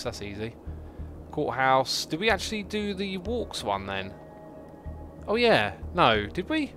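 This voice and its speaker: A man giving casual, chatty livestream commentary while building a city in a game, reacting out loud to it and answering chat. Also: medium pitch. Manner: chatty, talks to the game and to chat, quick exclamations. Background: faint background music.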